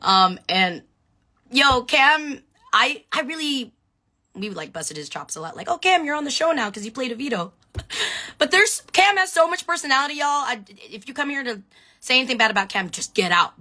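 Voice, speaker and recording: A woman chatting excitedly on a phone live stream, answering viewer questions and shouting out fans. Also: mid-range voice, moderate pace. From Filipino background. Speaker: reality show contestant on a live stream.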